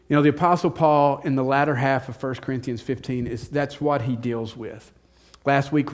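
A male pastor delivers a sermon in an easygoing, conversational way, drifting from a personal story into scripture. His voice sits a little higher than most men's.

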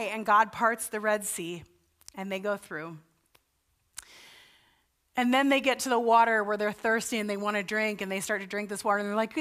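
A woman's voice: on the high side, fairly even intonation, normal speed, fairly bright tone. A woman pastor giving a sermon in a conversational storytelling way, acting out the voices of the people she describes. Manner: conversational storytelling, acts out the Israelites' panicked voices.

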